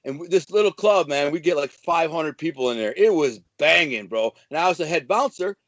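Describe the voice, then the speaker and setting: Man, from Detroit, high voice, dry close sound, swaggering casual storytelling, profane. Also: expressive, a little fast, a bit bright, dry recording. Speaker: guest.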